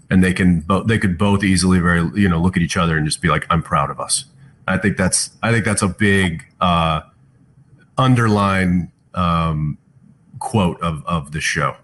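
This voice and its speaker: A man's voice: sits low, a bit bright, a little hiss or hum. A man chatting thoughtfully on a virtual fan panel, reading out fan questions from home over a video call. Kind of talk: casual panel chat.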